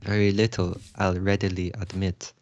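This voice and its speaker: A man reading a smug, scheming male villain in a live script read-through. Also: slight background noise. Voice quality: slow, deep and flat.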